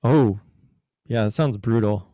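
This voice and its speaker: A man's voice: mid-range voice, a little slow, dark tone, dry recording, muffled recording. A man hosting a casual podcast chat, teasing and rambling as he talks. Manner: teasing, rambling, puts on a joke British accent. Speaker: podcast host.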